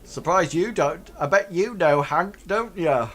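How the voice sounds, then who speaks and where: A man's voice: sits high, expressive, a little slow, a bit bright, a little hiss or hum, pitched above the performer's own voice. A man voicing a rowdy gang of crude, mocking ruffians in a tabletop game. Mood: jeering.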